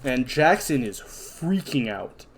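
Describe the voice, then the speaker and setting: A man's voice: medium pitch, big pitch swings, takes it slowly, husky. A young man co-hosting a casual podcast, recapping a horror film plot in a rambling way with many fillers. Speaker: podcast co-host. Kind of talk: casual movie review chat.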